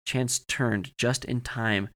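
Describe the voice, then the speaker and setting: A man narrating a scripted horror story for a podcast in a measured, steady way. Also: medium pitch.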